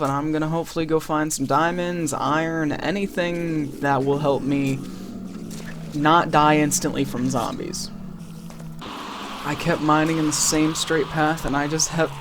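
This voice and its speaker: Guy with a kinda high voice rambling over his game clips, chill and joking at himself, faint hiss behind. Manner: laid-back, rambling, self-deprecating. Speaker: gaming channel host. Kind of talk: casual voice-over narrating game footage.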